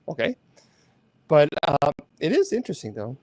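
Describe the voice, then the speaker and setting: Guy hosting a chat show, kinda high voice, rambly and animated, dry close sound. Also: normal speed, no room sound. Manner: rambling, animated, self-correcting. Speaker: host. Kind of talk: casual chat.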